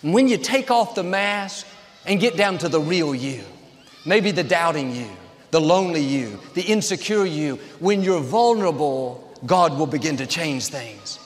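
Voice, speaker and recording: A man's voice: fairly high pitch, expressive, moderate pace, long reverb tail. A man preaching a sermon as a pastor, with an emphatic cadence built on short, repeated phrases.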